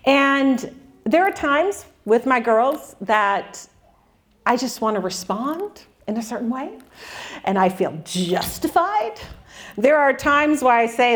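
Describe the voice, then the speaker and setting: A woman's voice: fairly high pitch, sing-song, a little slow. A woman in her forties giving an earnest, candid faith talk with touches of self-deprecating humor. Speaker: Christian speaker.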